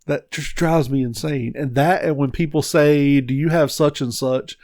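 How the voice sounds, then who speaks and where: On a casual podcast, a man who co-hosts and owns a game store rants about his customers, swearing freely. His voice is a little high and a little mellow, with a steady tone and moderate pace, in a dry, studio-quality recording.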